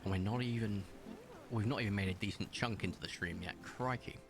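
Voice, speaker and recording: A man's voice: fairly low pitch, a little fast, background noise. A man from England, chatting casually with his live-stream chat while gaming and laughing often. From southern England.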